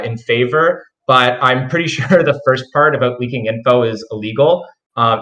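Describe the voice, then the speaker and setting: A man with a nasal voice giving a measured, filler-laden governance report on a live community call. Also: medium pitch, a bit bright, echoey room, low-quality recording. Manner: measured, explanatory, with frequent fillers.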